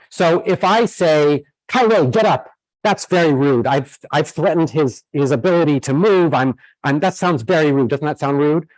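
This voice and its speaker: A man's voice: mid-range voice, darkish tone, no room sound, low-quality recording. A man giving a university lecture who explains in steps, with many fillers and restarts.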